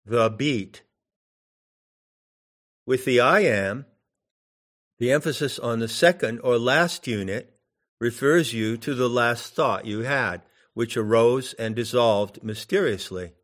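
A man giving slow meditation instruction in drawn-out phrases with long pauses. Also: mid-range voice, fairly bright tone. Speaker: meditation teacher.

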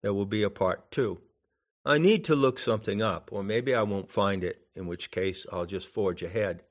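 A man giving a spoken meditation teaching in a deliberate, musing way, with long pauses between phrases. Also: lowish voice. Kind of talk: spoken dharma instruction.

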